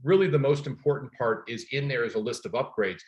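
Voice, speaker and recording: Energetic man coaching real estate agents. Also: medium pitch, fast talker. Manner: energetic, emphatic coaching with personal stories. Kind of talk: training class for agents.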